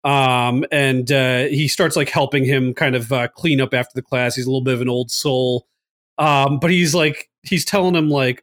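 A man recapping a movie in casual podcast chat, animated, laughing often and full of fillers. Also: mid-range voice, normal speed. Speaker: podcast co-host.

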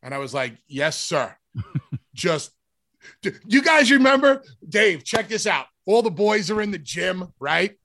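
A man with a bright, forceful tone and a gravelly edge spins an animated wrestling story. He talks with emphasis in a loose, casual podcast chat. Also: sits high, a little slow. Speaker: podcast co-host, former wrestler.

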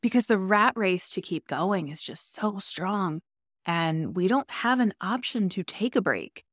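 A woman's voice: medium pitch, animated, measured pace, fairly bright tone, no room sound, studio quality. A woman hosting a podcast, asking thoughtful questions in a conversational way. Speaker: podcast host. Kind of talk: casual interview talk.

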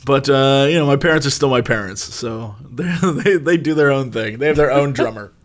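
A man in casual chat, telling a funny family story and jumping up high when quoting himself. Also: fairly quick.

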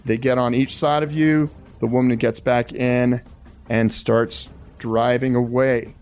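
A man's voice: medium pitch, a little mellow. A man hosting an interview, politely calling his guest sir and telling a survival scenario step by step. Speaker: podcast host.

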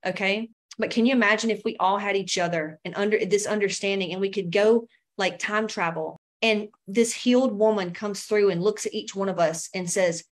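A woman coach hosts a live stream and speaks with emphatic, heartfelt urgency. Her language is profane. Her voice sits at a middling pitch. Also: fairly even intonation, normal speed. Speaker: coach and show host.

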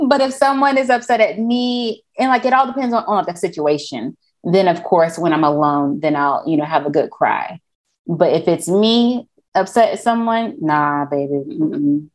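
A woman talking frankly and relaxed in a casual podcast chat. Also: lowish voice, measured pace. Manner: relaxed, frank, laughs easily.

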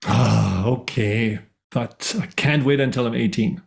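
A man's voice: mid-range voice, a little slow, vocal fry, voice pushed down. A man voicing a sulky teenage boy who whines and protests against his parent's phone rule. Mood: grudging. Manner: whiny, protesting.

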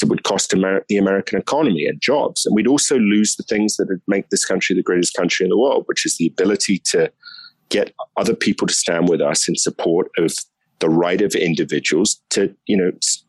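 A British man appears as a guest commentator in a conversational political discussion, thinking aloud as he delivers emphatic, opinionated views. His voice sits low with a breathy edge, and the recording is dry and low-quality.

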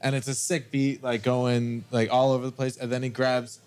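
A man's voice: mid-range voice, little pitch movement, normal speed, a little mellow, smooth. A man in his thirties, a drummer, chatting in an easygoing, agreeable way with casual swearing. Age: 30s. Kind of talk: casual chat.

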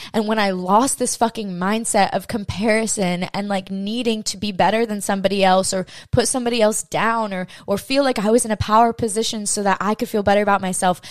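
Young woman crying through a confessional podcast story, swears a lot, mid pitch, dead dry mic. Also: steady tone, brisk, no echo. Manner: emotional, swears freely, acts out her own inner voices. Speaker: podcast host. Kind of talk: personal confessional monologue.

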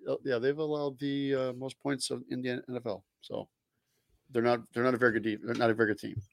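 A man with a gravelly, creaky voice co-hosts a casual sports podcast. He cites team stats in a halting way. The sound is close and dry. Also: medium pitch, flat delivery, no room sound. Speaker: podcast co-host.

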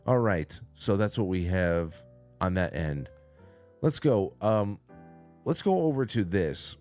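A man's voice: low-pitched, lively intonation, slow pace, a little mellow, soft background music. A man hosting a casual call-in stream from a studio, rambling and reading out chat names. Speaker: call-in show host. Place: small studio. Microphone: studio mic.

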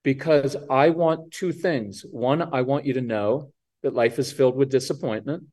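As a podcast guest and parenting coach, a man talks casually at normal speed with a mid-range voice. He brings energy to it, dramatizing what kids and parents say.

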